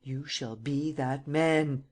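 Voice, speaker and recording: A woman's voice: low voice, unhurried, darkish tone. A woman voicing a ruthless, commanding nobleman who gives vehement orders in an audiobook.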